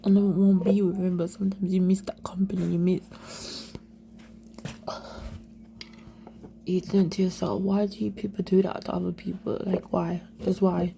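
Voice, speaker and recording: A young woman telling her own story of domestic abuse in halting, repetitive speech that often slips into a whisper. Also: lowish voice, creaky, background noise. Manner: halting, repeats herself, many fillers; often drops to an unvoiced whisper. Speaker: survivor sharing her story. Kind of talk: emotional personal testimony.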